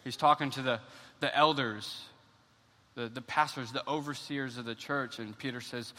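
A young adult man, a pastor, preaching an animated sermon with a personal story in a church, often repeating words as he talks. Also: medium pitch, moderate pace. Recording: long church hall reverb.

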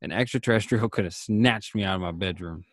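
A man with a low voice speaks casually, throwing in wry, skeptical jokes. The recording is dry and close, with no room sound. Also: brisk, no echo. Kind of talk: casual chat.

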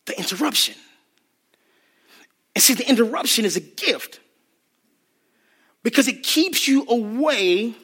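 Bright, high-voiced preacher man. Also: husky. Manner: animated, acts out bits, laughs. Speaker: youth ministry speaker. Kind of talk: sermon.

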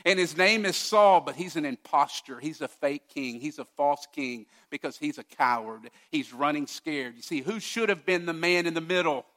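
A male pastor preaching a sermon with emphatic delivery, swinging from loud declarations to hushed asides. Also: a little high, moderate pace, few pauses.

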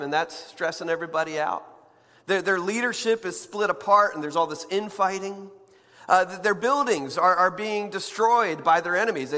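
Male pastor, sermon, high bright voice, chatty with asides, long hall echo. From United States. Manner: conversational, restarts words, playful asides.

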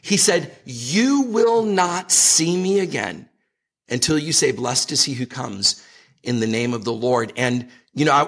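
Husky, earnest man preaching in conversation. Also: mid-range voice, fairly bright tone. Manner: earnest, emphatic, leans on scripture. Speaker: ministry leader, interview guest.

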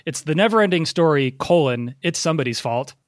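A man chatting on a podcast, recalling a childhood film memory in a wry, drawn-out way. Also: on the high side, animated. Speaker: podcast co-host. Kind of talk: casual chat.

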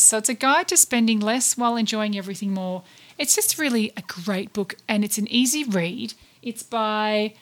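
Chatty woman podcast co-host. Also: medium pitch. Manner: chatty, giggly, loses her words. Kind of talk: casual chat.

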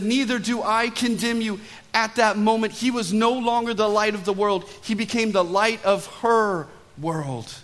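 A male pastor delivers a sermon in a bright, high voice. He swings between emphatic pushes and soft, low drops on key lines. A long reverb hangs behind every phrase, as in a large church sanctuary.

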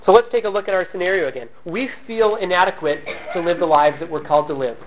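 A man's voice: high voice, fast talker, few pauses, a little hiss or hum. A man preaching a sermon, earnest and emphatic, with self-deprecating humorous asides, still recovering from a cough. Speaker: pastor. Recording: tinny phone-like sound.

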